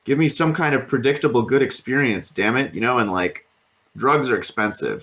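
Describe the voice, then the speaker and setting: A man's voice: medium pitch, normal speed, fairly bright tone. A man co-hosting a podcast, chatting casually and rambling with lots of fillers and casual swearing. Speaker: podcast co-host. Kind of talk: casual chat.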